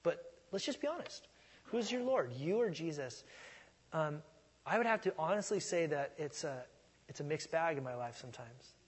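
A middle-aged man preaching a sermon in a conversational way, moving between soft asides and loud emphatic lines. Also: on the high side, expressive, moderate pace, slightly rough, long reverb tail. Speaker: pastor.

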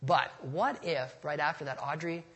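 A man's voice: a little high, normal speed, fairly bright tone. A man preaching a sermon in a conversational, storytelling way, with touches of humor and a passage read aloud.

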